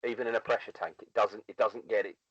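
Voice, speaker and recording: A man's voice: on the low side, fairly even intonation, quick pace, fairly bright tone. A man co-hosting a podcast, chatting casually, giving practical tips and asking questions. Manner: gives practical advice, asks questions. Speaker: podcast co-host. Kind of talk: casual chat. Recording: dull dry lo-fi audio.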